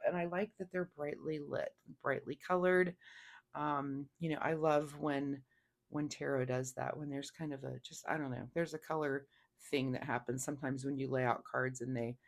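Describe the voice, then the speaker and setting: A tarot reader giving a casual weekly reading, rambling and chatty, with many fillers. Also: medium pitch.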